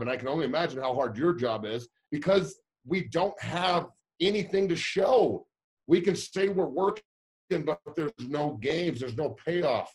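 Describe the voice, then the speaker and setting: A high school football coach ranting heatedly, blunt and swearing, fired up about his players losing their season. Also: slightly rough. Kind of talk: heated radio call-in rant.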